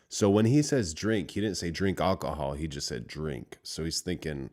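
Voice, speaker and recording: A man streaming live, reacting to a clip with rambling commentary that trails off into quiet asides. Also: very deep voice, normal speed, few pauses.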